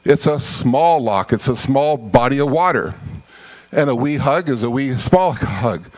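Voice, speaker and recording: A man's voice: medium pitch, expressive, a little slow, poor audio. Folksy male joke teller from Scotland. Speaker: comedian. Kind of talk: storytelling joke.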